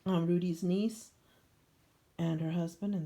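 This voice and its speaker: A woman's voice: fairly low pitch, a little slow, gravelly, mellow. An older woman chatting casually as she shows her scrapbook pages, meandering with frequent ums. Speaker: scrapbooking vlogger. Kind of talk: casual show-and-tell narration.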